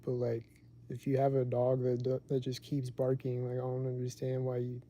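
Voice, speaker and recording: On his own livestream podcast, a man rambles casually, leaning heavily on "like" as filler. His mid-range voice is dark in tone and completely flat, moving at a moderate pace.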